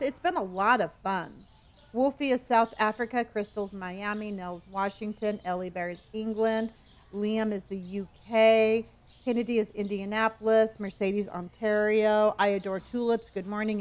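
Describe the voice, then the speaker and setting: A woman from Southern California streaming a game, chatting casually with her viewers and talking to herself as she plays. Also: medium pitch. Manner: chatty, reads viewer locations aloud with sudden excited gasps; talks to herself while playing a store game. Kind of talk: casual live-stream chat.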